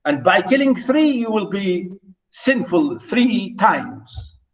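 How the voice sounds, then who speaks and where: A man lecturing on poetry, animated, asking the class rhetorical questions and reading verse aloud slowly. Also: high-pitched, distant mic, rough recording. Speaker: literature lecturer.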